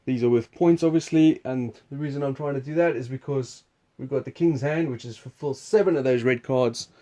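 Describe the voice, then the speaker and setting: A man's voice: medium pitch, a little fast, dark tone. A man hosting a board game preview, explaining the game in a rambling, chuckling, casual way. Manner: rambling, chuckling, restarts sentences.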